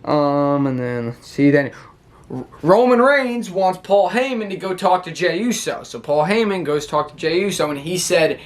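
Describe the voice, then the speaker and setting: A young man with a high, light voice runs through his weekly recap, talking fast and eagerly. He breaks into laughter easily and keeps the tone loose and chatty, like he's catching up with friends. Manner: excitable, chatty, quick to laugh. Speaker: wrestling show recap YouTuber. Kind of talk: casual recap to camera.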